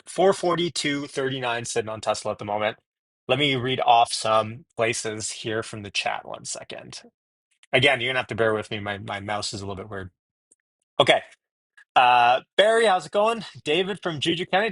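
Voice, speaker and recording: A man's voice: mid-range voice, expressive, normal speed, fairly bright tone, no echo. Chatty man hosting a live stream. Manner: chatty, greets viewers by name and place. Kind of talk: casual live stream chat. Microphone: wireless earbuds.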